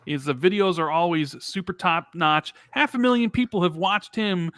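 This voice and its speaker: A man's voice: sits high, moderate pace, fairly bright tone, dry recording, studio quality. A man appearing as a guest on a gaming livestream, a playful, teasing hype man. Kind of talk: casual livestream chat.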